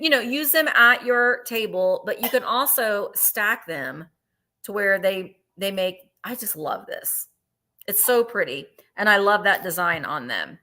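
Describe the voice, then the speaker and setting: A woman's voice: mid-range voice, sharp tone. A woman hosting a live online vintage sale, chatting and gushing over each piece while counting down bids. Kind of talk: live online sales chat.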